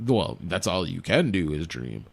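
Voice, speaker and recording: Joking man with lively pitch. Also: moderate pace, vocal fry. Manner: laughs often, swears freely, jokey. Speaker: podcast host. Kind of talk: casual podcast chat.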